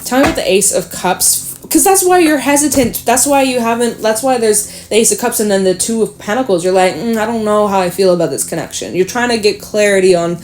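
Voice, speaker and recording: A woman giving a casual tarot reading, talking straight to the listener, chatty and swearing freely, animated at times. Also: medium pitch, brisk, hardly any pauses, a little hiss or hum. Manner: animated, with sudden laughs and exclamations. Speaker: tarot reader.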